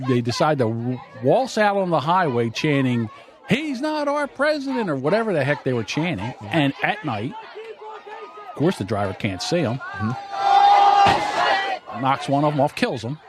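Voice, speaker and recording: A man's voice: medium pitch, lively intonation, moderate pace, a crowd in the background, background noise. A man hosting a casual podcast chat, joking and teasing, often breaking into laughs. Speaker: podcast host.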